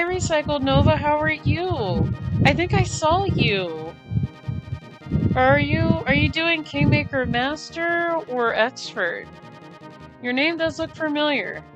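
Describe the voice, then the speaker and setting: A woman's voice: sits high, muffled recording. A woman streaming a racing game live, chatting casually with viewers, greeting them by name and giggling often. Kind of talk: casual live-stream chat while gaming.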